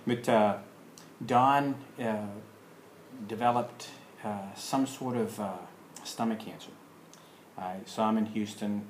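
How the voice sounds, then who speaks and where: A man telling a personal story in a casual, rambling way, full of pauses and fillers. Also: lowish voice, echoey room, slight background noise, low-quality recording. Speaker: alternative practice teacher.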